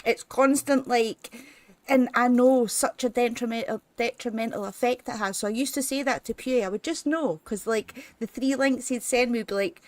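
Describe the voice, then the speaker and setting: A woman's voice: a little high, normal speed, no room sound. Chatty woman hosting a live stream. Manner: chatty, warm laughing asides. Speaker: stream host. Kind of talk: casual chat.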